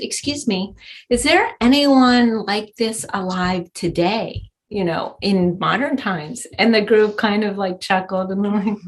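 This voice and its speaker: A woman guest on a podcast, telling personal stories with many fillers and bursts of laughter. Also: mid-range voice. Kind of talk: storytelling in interview.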